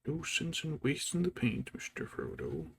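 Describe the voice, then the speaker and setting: A man doing a quiet, half-whispered impression of a humble, loyal hobbit gardener. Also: on the high side, wildly swooping pitch, moderate pace, gravelly, a little hiss or hum, voice pushed up, heavily acted. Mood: homely.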